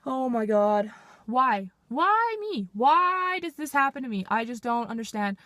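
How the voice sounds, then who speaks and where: A 19-year-old woman from Canada tells a story in a fed-up, swearing vlog rant, with "like" in nearly every sentence. Her voice sits a little high. The sound is dry, with no room echo. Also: big pitch swings, measured pace, sharp tone. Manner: exasperated, swearing, heavy use of "like". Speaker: vlogger.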